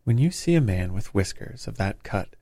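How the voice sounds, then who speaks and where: A man voicing a confident detective who speaks in a crisp, assured, bland manner. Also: fairly low pitch, big pitch swings, moderate pace, warm tone, no room sound, heavily acted. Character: brisk, confident male detective, bland and knowing.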